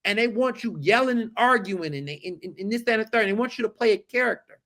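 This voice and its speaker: Emphatic high-voiced man. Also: fast. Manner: emphatic, animated, repeats points for effect. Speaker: podcast guest, journalist. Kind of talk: casual chat.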